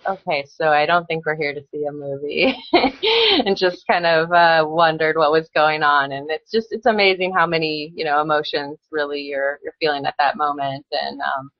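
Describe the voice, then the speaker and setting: A woman's voice: low voice, no room sound, dull audio. A young adult woman speaking as a podcast guest in casual chat, earnest and hesitant with many fillers.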